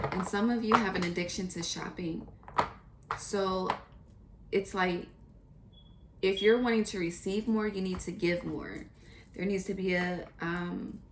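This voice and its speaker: A woman giving a casual, earnest tarot reading, chatty and pausing often to pray or gather her thoughts. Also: mid-range voice, background noise. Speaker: tarot reader.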